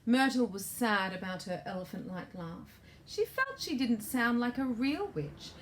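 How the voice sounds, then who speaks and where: A woman reads her children's picture book aloud, playful and full of questions for the little listeners. Her high voice bounces up and down at an unhurried pace, with a faint hiss behind it. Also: big pitch swings. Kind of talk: storybook read-aloud for children.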